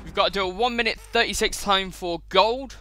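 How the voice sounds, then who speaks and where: A man's voice: high voice, fairly quick. A man commenting on his racing game playthrough, chatty with dry, sarcastic asides. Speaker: gaming channel host. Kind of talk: gameplay commentary. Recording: loud music and car engine sounds behind. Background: game music and racing car sounds.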